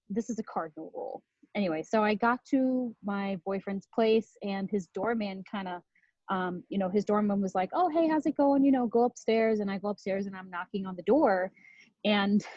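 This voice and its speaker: A woman giving a storytelling talk as a podcast host, candid and quick to laugh, swearing freely. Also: medium pitch, warm tone, no echo. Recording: dull lo-fi sound.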